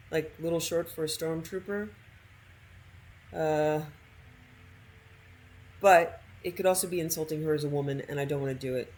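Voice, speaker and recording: Playful woman gamer, snarky running commentary, slightly low voice. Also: a little mellow, slight background noise. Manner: snarky, playful, talking back to characters. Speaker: gamer streaming a playthrough. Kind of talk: casual gameplay commentary.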